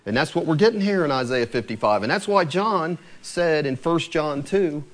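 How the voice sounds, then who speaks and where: A man preaching a sermon, quoting scripture with lively, rising emphasis. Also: fairly high pitch, normal speed.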